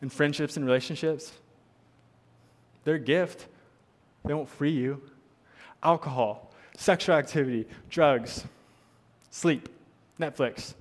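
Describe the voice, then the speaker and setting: A man's voice: on the high side, slow pace, long pauses. Man, pastor, sermon, earnest, repeats for emphasis, long hall echo.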